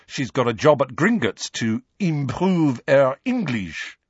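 A man's voice: mid-range voice, sing-song, takes it slowly, slightly rough, dry recording, lo-fi sound, voice pushed up, full character voice. A man voicing a chatty teenage boy, a confiding twin, in an audiobook. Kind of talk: audiobook character voice.

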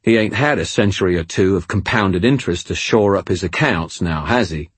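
A coarse hireling, gruff and irritable, growling his words, as a male narrator voices him. The voice is low and husky with a dry, close sound. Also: brisk, dry recording. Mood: gruff, cunning. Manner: annoyed, growling, swears constantly. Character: coarse, gruff British hired mercenary man.

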